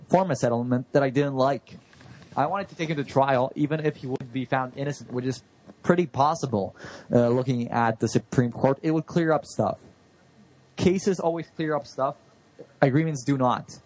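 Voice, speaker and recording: A man's voice: fairly high pitch, a little mellow, slight background noise, rough recording. A man co-hosting a casual chat, rambling and often stumbling over his words. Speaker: podcast co-host. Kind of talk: casual chat about role-play politics.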